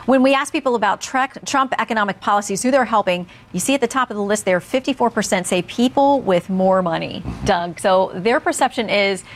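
A woman hosting a political news panel, brisk and steering the talk. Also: mid-range voice, a little hiss or hum. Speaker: news show host.

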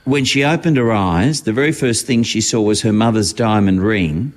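A man's voice: fairly low pitch, normal speed. A man doing a chatty entertainment gossip segment on radio. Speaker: entertainment reporter.

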